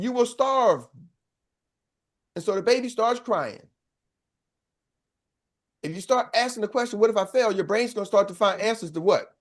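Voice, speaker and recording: High-voiced man preaching sales motivation. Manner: preachy, call-and-response, acts out little voices. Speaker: sales coach. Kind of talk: motivational training talk.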